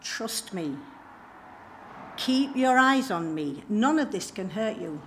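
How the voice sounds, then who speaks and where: Woman reading as a calm man's voice, jesus, soothing and coaxing, slow and gentle, like a storytime scene. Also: medium pitch, a little hiss or hum. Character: calm, reassuring adult male Jesus.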